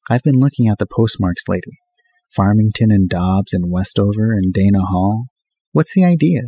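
A man's voice: lowish voice, lively intonation, moderate pace, dark tone, slightly rough. A man voicing an easygoing young male college student, wry and a bit impatient, in a raised voice.

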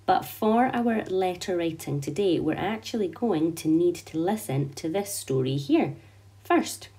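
A woman's voice: low voice, warm tone. A Scottish woman, a primary school teacher, patiently explaining a letter-writing lesson to young children. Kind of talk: online lesson and story read-aloud.

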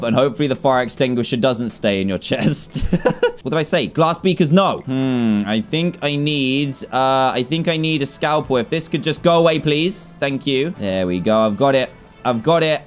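Excitable young man narrating gameplay. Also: a little high. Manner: excitable, exclaims and laughs often. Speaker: gaming YouTuber. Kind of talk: gameplay commentary.

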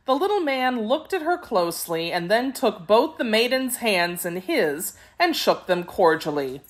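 Expressive woman reading a storybook aloud. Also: mid-range voice, measured pace. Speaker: audiobook reader. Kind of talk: scripted narration of a children's classic.

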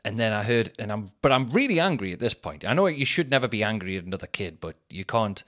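A man's voice: on the low side, very animated, fast, fairly bright tone. A man in his thirties, a podcast host telling a self-mocking comic story with mock outrage. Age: 30s.

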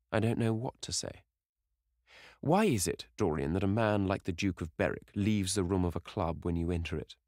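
A man's voice: no room sound, studio quality. A man doing a grave, earnest painter. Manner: grave, earnest, deep-voiced. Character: grave earnest male painter, anxious friend.

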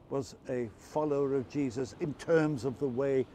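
A man's voice: mid-range voice, fairly even intonation, moderate pace, a little hiss or hum. A South African man speaking outdoors by an old harbour, giving an informal devotion in a conversational, storytelling way. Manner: conversational, storytelling, warm emphasis on scripture.

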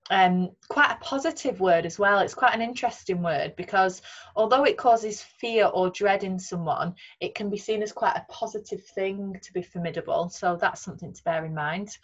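A woman's voice: medium pitch, animated, normal speed, dull audio. Patient Northern English woman teacher. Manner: clear, patient explaining with frequent "um" and "right". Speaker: secondary school English teacher. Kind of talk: recorded remote lesson talk over slides.

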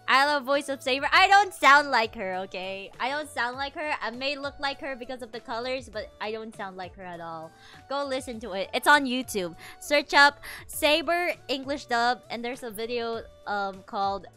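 A woman VTuber chatting casually on a livestream, animated and giggly, rambling with lots of fillers. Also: a little high. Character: princess from another world. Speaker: VTuber streamer.

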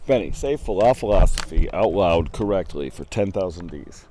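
A man's voice: sits low, expressive, normal speed, warm tone, a little hiss or hum. A young man chatting casually in a voice channel, rambling, swearing and getting sidetracked. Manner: rambling, profane, easily sidetracked. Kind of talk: casual voice chat. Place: at a computer in a voice channel.

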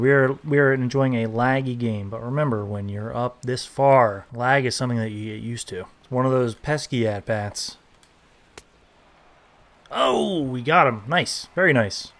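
Young guy riffing over a baseball game, jokey and chatty, loud when stuff happens. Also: mid-range voice. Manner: joking, chatty, reacting loudly to plays. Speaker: gaming YouTuber. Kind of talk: casual gameplay commentary.

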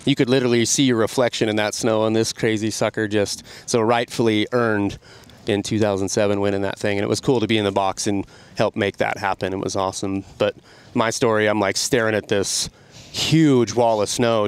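A middle-aged man, a podcast guest, telling an animated story about riding. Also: on the low side, brisk, smooth. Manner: animated, excited storytelling with laughs. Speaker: podcast guest, snowmobile rider. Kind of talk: casual storytelling.

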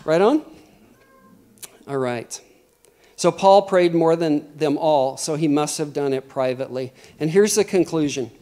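A middle-aged man preaching a sermon in a lively, conversational way, often acting out quotes. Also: on the high side, a little slow.

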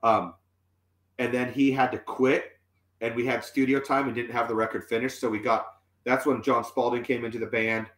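A man's voice: mid-range voice, little pitch movement, moderate pace, a bit bright. A man in his forties, a musician guest telling a long story in casual chat, full of fillers and restarts. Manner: rambling, many fillers and restarts. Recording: roomy echoey sound.

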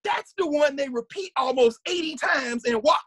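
A man giving an animated, conversational lecture as a guest. He often restarts his sentences and hums or sings short snippets to make his points. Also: extremely high pitch, normal speed, no room sound.

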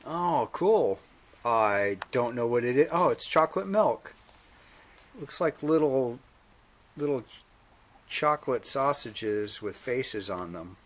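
A man's voice: medium pitch, expressive, takes it slowly, long pauses. A male vlog host casually reading viewer mail, with a laid-back manner and dry humor, playing along with joke letters. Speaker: motorcycle channel host.

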